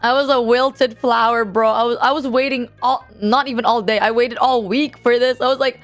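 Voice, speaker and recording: A woman's voice: on the high side, steady tone, moderate pace, hardly any pauses, soft background music. Rambling young woman, brash and swearing. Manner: rambling and self-deprecating, swears freely. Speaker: VTuber streamer. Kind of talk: casual chat.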